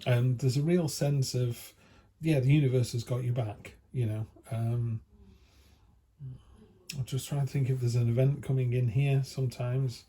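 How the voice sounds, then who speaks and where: A man's voice: mid-range voice, fairly even intonation, measured pace, dark tone, slightly rough. A man giving a casual, chatty tarot reading from home, enthusiastic and full of fillers. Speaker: tarot reader. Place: home by a field. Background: faint outdoor ambience, dogs passing.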